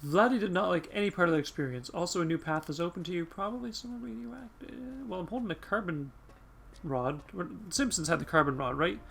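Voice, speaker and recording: A man's voice: fairly high pitch, fairly bright tone, slight background noise. A man hosting a let's play, reading game text aloud and chatting wryly to himself, swearing now and then. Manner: wry, swears casually, mutters to himself. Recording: with faint game music behind.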